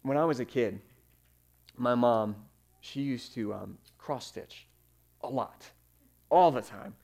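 A man preaching a sermon, telling stories with fillers and sudden swings in loudness. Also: medium pitch, takes it slowly, vocal fry, faint music behind. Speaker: pastor.

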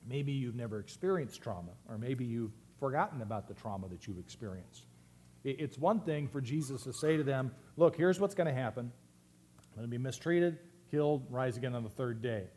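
A man's voice: medium pitch, lively intonation, a little fast, mellow, a little hiss or hum. A man preaching a sermon as pastor, earnest and reflective, often restarting his phrases.

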